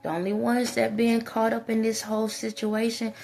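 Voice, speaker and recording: A woman's voice: on the high side, level tone, normal speed, creaky, darkish tone, faint music behind. A woman giving a preachy monologue to her viewers as a spiritual advisor, scolding them with emphatic repetition.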